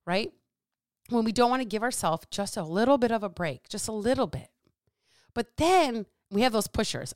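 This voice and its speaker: A woman's voice: on the high side, expressive, normal speed, no echo, studio quality. A woman podcast host and coach talking in a casual monologue, blunt and emphatic, swearing often and repeating her phrases.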